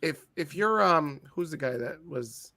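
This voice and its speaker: Animated joking man reviewing wrestling. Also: on the high side, a little slow, vocal fry. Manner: animated, joking, mock-outraged, swears freely. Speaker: podcast co-host. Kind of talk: casual wrestling review chat.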